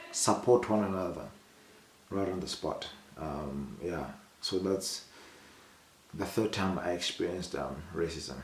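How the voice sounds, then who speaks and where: A man's voice: reverberant, a little hiss or hum. A young man from South Africa telling personal stories to camera in a casual vlog, acting out the people he quotes with a raised voice. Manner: animated retelling, voices the people he quotes with rising pitch. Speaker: vlogger.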